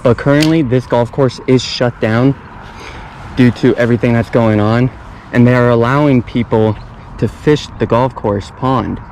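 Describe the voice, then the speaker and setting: A man's voice: mid-range voice, fairly even intonation, moderate pace, a little mellow, slight background noise, low-quality recording. Laid-back young man fishing outdoors. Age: young adult. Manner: laid-back, repeats phrases, chatty. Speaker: fishing vlogger. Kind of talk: casual vlog commentary. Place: outdoors at a pond. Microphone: action camera.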